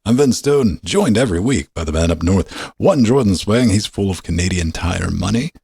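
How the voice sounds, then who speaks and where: A man with a deep, gravelly and husky voice hosts a podcast, talking casually and swearing with a wisecracking edge. His voice sits close and dry on a studio microphone. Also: animated, normal speed, a little mellow. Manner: profane, wisecracking. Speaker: podcast host. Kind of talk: casual chat.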